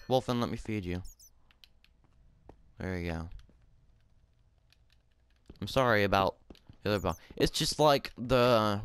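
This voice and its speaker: A man's voice: mid-range voice, clear, resonant tone. A swearing, emotional gameplay commentator man. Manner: emotional, swearing, yelling in frustration then soothing his pet.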